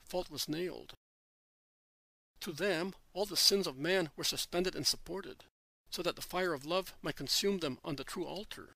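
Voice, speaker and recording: A man reading as Jesus, gentle and solemn. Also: on the high side, no room sound, heavily acted, rough recording. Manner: slow, solemn devotional reading.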